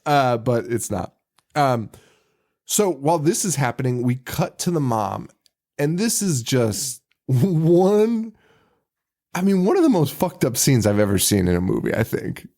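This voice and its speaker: A man's voice: mid-range voice, a little mellow. A man co-hosting a podcast in casual chat, laughing often and swearing freely. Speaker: podcast co-host.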